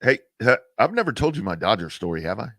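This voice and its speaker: Excitable low-voiced man talking sports. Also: quick pace, no room sound, clean studio sound. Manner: excitable, swears, stammers and restarts. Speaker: sports talk show co-host. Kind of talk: casual sports talk.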